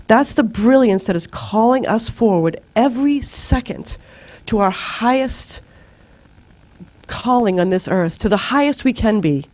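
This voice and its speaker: A woman's voice: a little high, a little slow, dry recording. A middle-aged woman leading a spiritual group, talking earnestly and informally, acting out her own outbursts as she tells stories. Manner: earnest, animated storytelling with acted-out outbursts.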